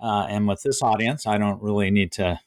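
A man's voice: lowish voice, brisk, no room sound. A male author reading a passage from his book, then talking about it with many hesitant fillers.

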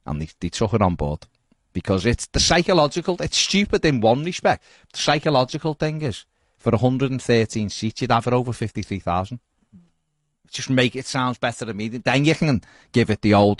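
A man's voice: medium pitch, moderate pace, no echo, clean studio sound. A man co-hosting a casual podcast, reading out viewer comments with jokey banter. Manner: jokey, animated, swings into mock voices.

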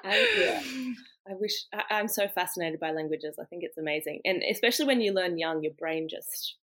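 A young woman from Australia, speaking, talks as a guest on a podcast. Her voice sits a little low, and she chats in a relaxed, thoughtful way. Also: a little fast. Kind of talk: casual interview chat.

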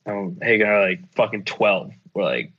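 A young man calls in from an apartment abroad to tell stories on a podcast, laid-back, profane, and laughing often. His lowish voice is expressive and a little fast. The audio sounds dull and lo-fi.

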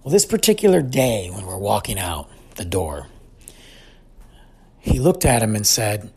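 A man's voice: mid-range voice, very animated, moderate pace, long pauses, darkish tone, breathy edge. A man in his forties telling a heartfelt story about his family in a thoughtful personal monologue. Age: 40s.

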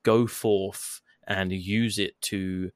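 A grand, solemn recorded message from a long-gone inventor, put on by a man. The voice sits low and the sound is close and dry. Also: little pitch movement, extremely slow, no echo.

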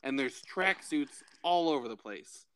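A man's voice: medium pitch, animated, unhurried, fairly bright tone, smooth. A man co-hosting a casual comedy podcast, reading strange news items and laughing between them. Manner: laughs between lines while reading odd headlines.

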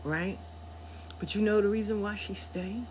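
A woman hosting a podcast, telling a story in a blunt, profane, animated way. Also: mid-range voice, normal speed, slight background noise. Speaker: podcast host. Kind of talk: casual storytelling monologue.

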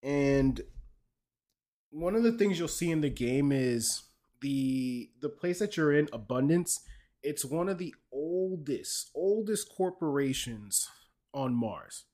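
A man's voice: a little high, lively intonation, takes it slowly, a little mellow. A man hosting a podcast, casually explaining a video game's story and joking with his co-host. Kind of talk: casual chat.

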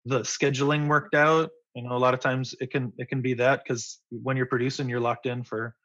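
A man in his forties talks about music in a loose, rambling and enthusiastic way as an interview guest. His voice sits at a middle pitch. The recording sounds dull and lo-fi, with a close, dry tone. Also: little pitch movement, a little fast, a bit bright, no room sound. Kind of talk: casual interview.

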